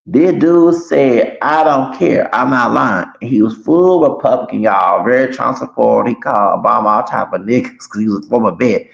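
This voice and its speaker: On a livestream, a male streamer tells a long, rambling story, cursing freely and calling his viewers y'all. His creaky, medium-pitched voice moves at a moderate pace with few pauses, recorded in an echoey room with dull lo-fi sound.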